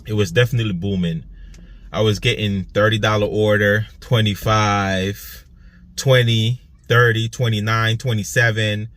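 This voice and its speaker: A man's voice: fairly low pitch, steady tone, measured pace, fairly bright tone, no echo. A young man from Saint Croix with an Antiguan accent, talking casually to his vlog audience, rambling and repeating himself. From US Virgin Islands, Saint Croix. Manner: rambling, repeats himself, laughs between thoughts. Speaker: vlogger, food delivery driver. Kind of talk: casual self-filmed vlog.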